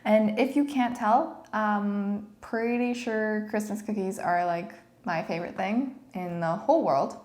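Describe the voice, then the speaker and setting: A woman's voice: mid-range voice, unhurried, hardly any pauses, a little mellow, roomy sound. A young adult woman chatting casually as a baking vlogger in her home kitchen, bubbly and playful. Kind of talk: casual chat.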